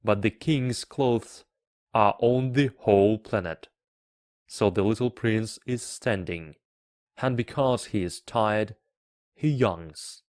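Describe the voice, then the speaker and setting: Slow, careful male reader. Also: lowish voice, a little mellow, no echo, clean studio sound. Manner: careful, deliberate reading. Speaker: English teacher reading a book. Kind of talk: slow read-aloud for learners.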